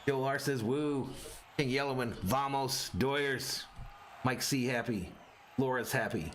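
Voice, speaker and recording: A man hosting a live fan play-by-play stream, calling the game and reading chat messages with excitable energy. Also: medium pitch, a little slow, a little hiss or hum. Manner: excitable, rises sharply on big plays.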